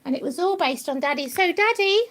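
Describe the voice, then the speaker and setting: A woman's voice: very high-pitched, lively intonation, brisk, fairly bright tone. A woman talking to her pet rabbit in a playful, coaxing, sing-song way. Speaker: pet rabbit owner hosting a live stream. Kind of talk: doting talk to a pet rabbit.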